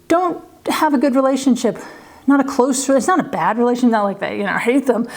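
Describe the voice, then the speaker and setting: A woman in her forties talks to camera in a relaxed, chatty way, sharing stories from her years as a teacher and a parent. Her voice sits a little high, and her talk is full of light laughs and "you know"s. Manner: acts out what others say in livelier voices. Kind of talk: casual storytelling to camera.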